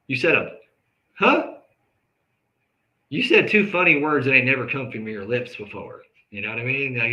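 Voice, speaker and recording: Guy hosting a live show, talking straight from the heart, real bright voice, gets loud out of nowhere. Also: mid-range voice, muffled recording. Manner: earnest, conversational, with sudden loud outbursts and quick asides. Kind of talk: candid talk to camera about grief and forgiveness.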